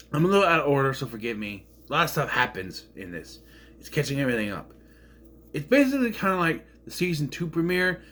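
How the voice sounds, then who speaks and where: A man's voice: mid-range voice, a bit bright. A man casually recapping an episode, rambling and sarcastic, getting indignant over plot holes. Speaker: show reviewer.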